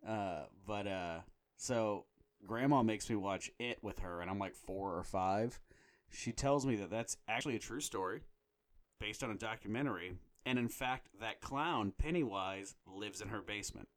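A man in his thirties co-hosting a podcast, his voice sitting a little low. He tells family stories in a loose, animated, profane way. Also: moderate pace. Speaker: podcast co-host. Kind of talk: casual chat.

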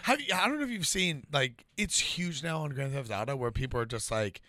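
A man's voice: medium pitch, animated, fairly quick, bright, forceful tone, dry recording, studio quality. A man co-hosting a podcast in casual chat, laid-back and loose, saying "dude" often. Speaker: podcast co-host.

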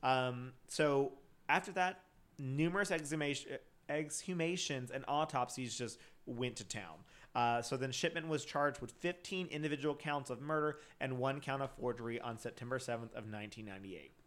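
A man's voice: medium pitch, normal speed, a bit bright. A man co-hosting a casual podcast, retelling a crime case from his notes with plenty of fillers and restarts. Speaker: podcast co-host.

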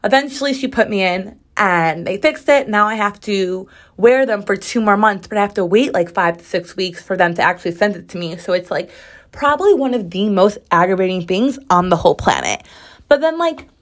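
A woman's voice: medium pitch, animated, a little fast. Chatty young woman ranting casually. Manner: chatty, sassy, frequent "like" fillers. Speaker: podcast host. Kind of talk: casual solo podcast chat.

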